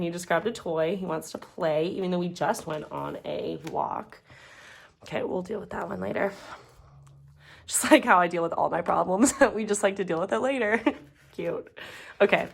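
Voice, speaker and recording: A woman's voice: lowish voice, vocal fry. Chatty young woman counting cash. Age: 20s. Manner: rambling, chatty, mutters while counting bills. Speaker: budgeting vlogger. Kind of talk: casual chat while counting cash. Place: home, dog nearby.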